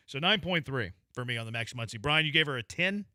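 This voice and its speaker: A man's voice: mid-range voice, animated, quick pace, few pauses, pushed and bright, no room sound. A man hosting a sports radio show, joking and playful in casual banter with his co-hosts.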